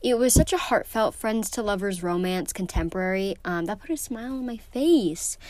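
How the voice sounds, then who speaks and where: A woman's voice: medium pitch, expressive, normal speed, darkish tone. A teenage girl chatting casually in a book vlog, gushing and emotional, with lots of ums and likes. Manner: gushing and emotional, many fillers. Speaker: book vlogger.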